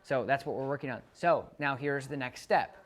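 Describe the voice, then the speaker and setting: A man at a middle pitch coaches a client through dog training exercises in a calm, steady way. He explains each step plainly and counts out the seconds for the client. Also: moderate pace. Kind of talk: instructing a client during training.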